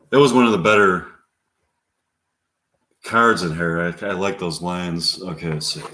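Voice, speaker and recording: Low-voiced man in an echoey room. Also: bright, forceful tone, slight background noise. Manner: casual, chuckling asides. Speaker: vlogger reading movie-quote cards.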